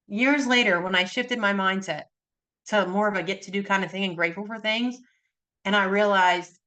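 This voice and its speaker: A woman's voice: mid-range voice, moderate pace, a bit bright. A woman, likely in her thirties, a podcast guest talking earnestly and animatedly in casual conversation.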